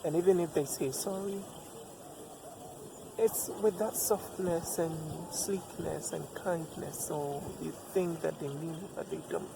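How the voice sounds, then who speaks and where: A man's voice: a little high, unhurried, creaky. A man giving relationship advice in a reflective personal monologue, repeating himself for emphasis and asking rhetorical questions. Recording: steady background noise.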